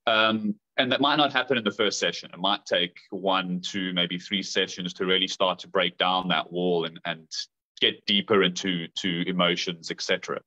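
A man who works as a therapist and coach, answering questions in a measured, thoughtful way. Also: low voice, fairly even intonation, sharp tone. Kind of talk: casual chat. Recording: dull lo-fi sound.

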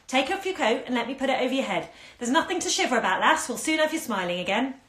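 A woman voicing a greedy old crone who croaks and wheedles, mocking the girl she is cheating. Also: sits high, expressive, fast talker, a bit bright, echoey room, pitched above the performer's own voice. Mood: wheedling.

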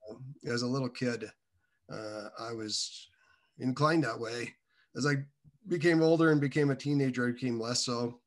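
A man sharing his personal faith testimony in a casual, halting way, with many restarts and side turns. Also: medium pitch, fairly even intonation.

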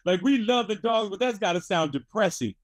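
Man, radio host, slightly high voice, dry studio sound, quick eager reactions. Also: lively intonation, dry recording. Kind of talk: casual interview chat.

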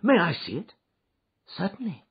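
A man reading an audiobook, voicing an anxious, eager Victorian wife who presses with insistent questions, his voice raised high. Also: big pitch swings, normal speed, husky, exaggerated voice. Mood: pressing. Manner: pleading and insistent. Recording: dull lo-fi recording.

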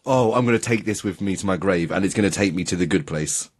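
A man's voice: deep voice, quick pace, slightly rough. A man co-hosting a podcast, telling stories casually with quoted asides and stammered restarts. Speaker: podcast co-host. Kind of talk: casual chat.

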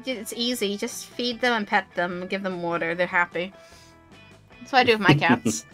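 A woman's voice: medium pitch, moderate pace, fairly bright tone, soft background music. A woman streamer chatting casually while playing a game, giggly and rambling. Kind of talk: casual gaming stream chat.

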